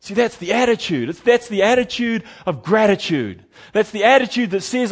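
A man preaching a sermon, animated and emphatic, moving between quiet asides and loud, lively passages. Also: high-pitched, moderate pace. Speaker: pastor.

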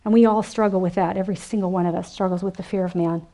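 A woman giving an animated, emphatic sermon to a women's gathering, acting out the quoted voices. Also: lowish voice, fast. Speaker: speaker at a women's ministry event.

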